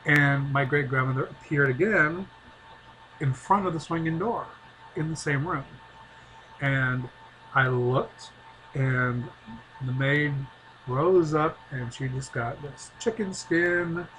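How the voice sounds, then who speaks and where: A man's voice: on the high side, takes it slowly, a little hiss or hum, low-quality recording. A middle-aged man casually recounting a personal story in a rambling, hesitant way. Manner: rambling, hesitant, soft-spoken.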